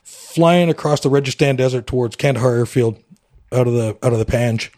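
A middle-aged Canadian military veteran, appearing as a podcast guest, tells his story candidly with a wry edge, acting out the dialogue and using frequent fillers. His medium-pitched voice is a little mellow and brisk.

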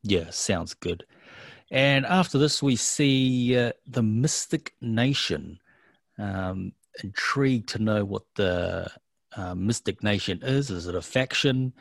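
A man with a New Zealand accent, co-hosting a show and casually recapping events step by step with frequent pauses. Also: on the low side, expressive, creaky, no echo. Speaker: co-host of a wrestling recap show. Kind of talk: casual chat.

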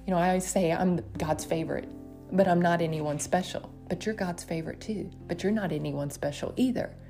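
A woman preaches with earnest, emotional conviction. Her voice sits on the lower side, and she often slips into heartfelt prayer. Music plays clearly behind her. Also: fairly quick, warm tone. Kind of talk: sermon.

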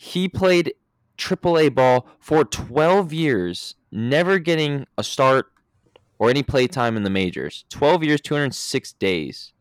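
A man co-hosting a casual sports podcast, relaxed and rambling as he talks through the games. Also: medium pitch, slow, no echo. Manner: relaxed, rambling, frequent fillers. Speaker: podcast co-host.

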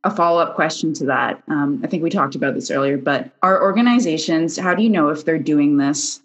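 Woman interviewer, very low voice, loose conversational questions. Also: fairly quick. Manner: follow-up questions with fillers and restarts.

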